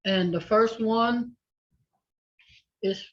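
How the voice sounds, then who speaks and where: Slow, patient woman teaching online. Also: fairly high pitch. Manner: patient, repeats words slowly for learners to echo. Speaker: language instructor. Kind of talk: online language lesson. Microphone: video call. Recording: dull lo-fi video call audio.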